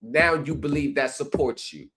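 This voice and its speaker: A man's voice: mid-range voice, normal speed, a bit bright. A man hosting a livestream, lecturing his viewers with repeated rhetorical phrases. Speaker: streaming commentary host. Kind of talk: livestream commentary.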